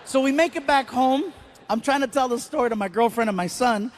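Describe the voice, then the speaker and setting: A man doing stand-up, telling a story with animated delivery, acting out voices and shouting the punchlines. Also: extremely high pitch, brisk, background noise. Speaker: stand-up comedian.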